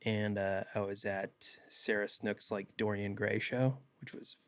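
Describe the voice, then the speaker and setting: A young man, an actor guest on a podcast, telling stories in a casual animated way and acting out quotes. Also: fairly low pitch, measured pace, no echo. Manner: animated, laughs often, acts out quotes. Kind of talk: casual podcast interview storytelling.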